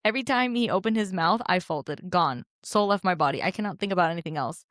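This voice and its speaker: A woman co-hosting a podcast, reading reviews aloud in casual chat, animated, laughing often and swearing freely. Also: lowish voice, fast, dry recording, clean studio sound. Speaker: podcast co-host.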